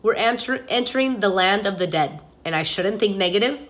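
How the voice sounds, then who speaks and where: A woman's voice: mid-range voice, animated, fairly quick, a little hiss or hum, close to an everyday voice. A woman voicing a level-headed teenage girl who speaks firmly.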